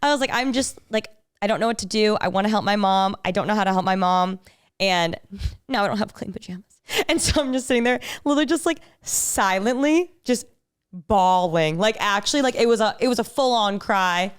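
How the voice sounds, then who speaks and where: A woman's voice: medium pitch, fairly quick. A young woman co-hosting a podcast, chatting casually and acting out quotes as she tells a story. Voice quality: smooth, animated storytelling with acted-out quotes. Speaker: podcast co-host. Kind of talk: casual chat.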